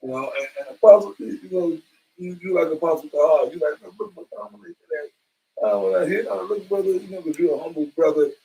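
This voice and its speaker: A man's voice: sits high, a little fast, creaky, dark tone, distant mic, rough recording. A man in a religious brotherhood, talking earnestly and fervently to the group and calling them brother. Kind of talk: impassioned casual preaching.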